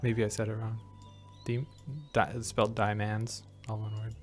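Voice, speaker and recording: A man's voice: lowish voice, monotone, normal speed, a little mellow, soft background music. Playful man reading stream chat. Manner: playful, reads chat comments aloud.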